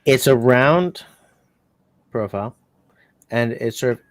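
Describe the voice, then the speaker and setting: A man's voice: medium pitch, animated, takes it slowly. A man hosting a casual bushcraft livestream, talking in a rambling, joking, self-mocking way. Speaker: bushcraft channel host.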